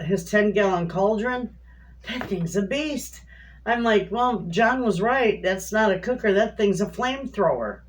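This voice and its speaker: A middle-aged woman chatting casually to viewers in her home kitchen, a rambling, folksy storyteller. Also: lowish voice. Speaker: homestead cooking vlogger.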